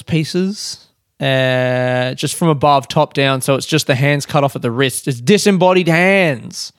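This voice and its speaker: A man talks alone into a podcast mic in his room, rambling from thought to thought and poking fun at himself, with the odd curse thrown in. His voice sits at an ordinary middle pitch. The sound is dry and close, with almost no room echo. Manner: rambling, self-mocking, swears freely. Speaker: podcast host and comedian. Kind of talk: casual solo podcast chat. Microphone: desk podcast mic.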